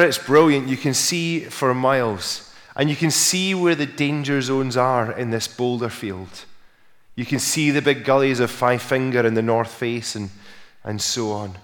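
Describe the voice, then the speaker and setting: Male preacher in a reverberant hall. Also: medium pitch. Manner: storytelling, rising for emphasis, softening in prayer. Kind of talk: sermon.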